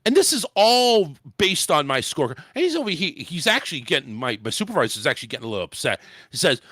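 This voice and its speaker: A man's voice: a little high, big pitch swings, fast talker, hardly any pauses, sharp tone, no echo, clean studio sound. A man hosting a talk show, venting angrily and swearing a lot about his sales job. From United States. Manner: angry, profane ranting. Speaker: host. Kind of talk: casual talk show rant.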